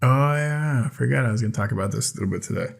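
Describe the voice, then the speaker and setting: A man's voice: medium pitch, racing, gravelly. A man co-hosting a casual podcast, bantering with dry sarcasm and casual swearing. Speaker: podcast co-host. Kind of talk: casual chat.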